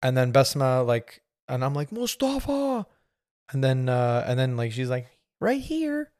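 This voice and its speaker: A man's voice: mid-range voice, little pitch movement, normal speed, darkish tone, clear, resonant tone, dry recording, clean studio sound. A man in his thirties hosting a podcast, telling a rambling story with lots of fillers and laughing as he goes. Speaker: podcast host. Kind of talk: casual storytelling.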